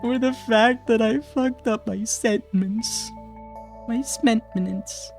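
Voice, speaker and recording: A loose, wisecracking streamer chatting to viewers while playing, swearing casually and cracking up at their own tongue-twisted lines. The voice sits at an ordinary middle pitch, with faint game music murmuring underneath, and now and then it slides into a hammy mobster accent. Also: slow, vocal fry, darkish tone. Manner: joking, swears freely, laughs at own slips; slips into a put-on mobster accent. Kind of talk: casual live-stream chat.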